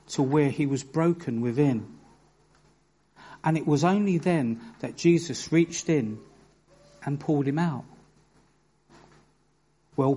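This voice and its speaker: Earnest preacher man, bright lifted voice. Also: fairly high pitch, slight background noise. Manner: earnest storytelling with bursts of emphasis; reads scripture aloud in a measured way. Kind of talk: sermon.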